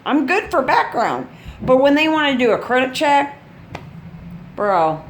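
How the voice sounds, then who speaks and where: A woman's voice: high-pitched, very animated, unhurried, slight background noise. An older woman chatting casually in a video update, rambling and blunt and laughing at her own stories. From Chicago. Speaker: gaming channel host.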